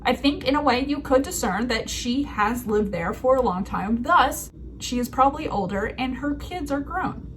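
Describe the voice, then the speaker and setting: A woman's voice: high voice, normal speed, slight background noise. A woman in her thirties hosting a writing video, talking through a story casually and laughing at herself. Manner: chatty, animated, laughs at herself.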